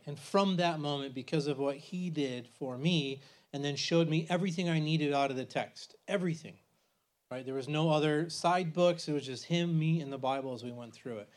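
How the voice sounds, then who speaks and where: A man's voice: fairly high pitch, normal speed. A man in his forties teaching a church bible class in a conversational way, with many restarts and frequent "right?" checks.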